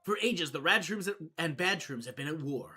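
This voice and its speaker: A streamer voicing a laid-back surfer-dude mushroom king with slangy, excitable speech, reading video game dialogue aloud. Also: mid-range voice, moderate pace, breathy edge, faint music behind, pitched above the performer's own voice. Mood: stoked.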